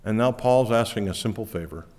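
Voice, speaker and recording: A man preaching a sermon as pastor, pushing key words up loudly, then falling back low and quiet. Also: fairly quick. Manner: emphatic, rising to stress key words, then dropping low. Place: church auditorium. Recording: long hall reverb.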